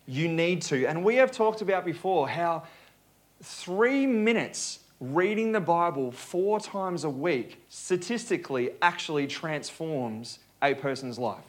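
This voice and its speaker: Chatty pastor guy preaching, fairly high voice, jokes around with the crowd. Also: expressive, a little slow. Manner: conversational, joking with the congregation. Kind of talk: sermon.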